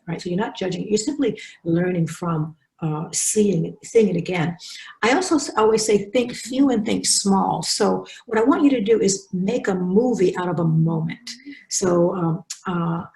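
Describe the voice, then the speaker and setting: A woman leads a writing webinar, talking fast and animatedly and restarting her sentences often. Her voice carries a gravelly fry. The room is echoey and the sound rings around her. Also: mid-range voice, darkish tone. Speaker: faculty webinar speaker. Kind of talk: teaching a webinar.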